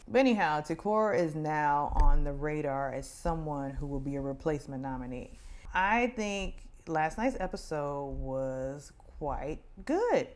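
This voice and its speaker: Woman, low voice, chatty and opinionated, casual TV recap host. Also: measured pace, a little hiss or hum. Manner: chatty, opinionated, mimics people in a high voice. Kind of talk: casual commentary.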